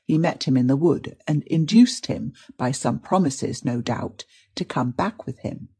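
Picture a calm, learned forensic doctor from an old detective audiobook, as a man reads him. He lays out evidence in a measured, patient manner. The voice is mellow and a little husky. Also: medium pitch. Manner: measured, explanatory. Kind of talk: audiobook reading.

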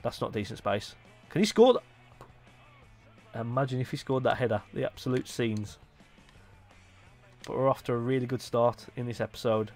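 An excitable young Englishman talks his way through a football video game match he is playing, muttering at one moment and yelling the next. His voice sits at an ordinary middle pitch. Faint music plays quietly behind him. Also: normal speed, pauses often. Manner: excitable, swings between muttering and loud outbursts. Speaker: gaming YouTuber. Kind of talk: live gameplay commentary.

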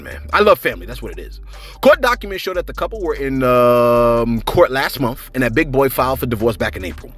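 A man's voice: mid-range voice, fairly bright tone. A man hosting celebrity gossip in a casual, chatty way. He rambles, reads out viewer comments and keeps asking "you know what I'm saying".

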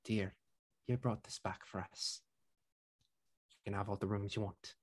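A man's voice: lowish voice, fairly even intonation, measured pace. A man voicing a kindly, fussing female innkeeper with an Irish accent, calling people love and dear. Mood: grateful. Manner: doting, hushed, calls people love and dear. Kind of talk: tabletop role-play voicing.

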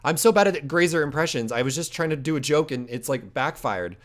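A man's voice: fairly high pitch, lively intonation, fairly quick. A man chatting casually while gaming, often exasperated and groaning at the others. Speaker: gamer playing a prank.

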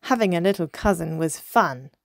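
A woman reading a children's picture book aloud in an expressive, measured way. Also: lowish voice, creaky, no room sound, studio quality. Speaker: storyteller.

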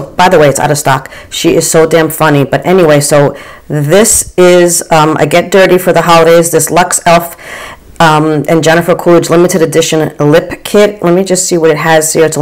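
Gushing low-voiced woman vlogger. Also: rough recording. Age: 40s or 50s. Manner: chatty and gushing, frequent excited oohs. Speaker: beauty vlogger. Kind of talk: casual makeup get-ready-with-me chat.

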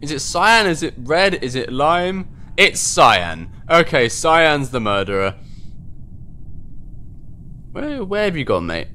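A man giving excitable live commentary on his own gameplay, quick to get worked up and swear at other players. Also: fairly high pitch. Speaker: gaming video host.

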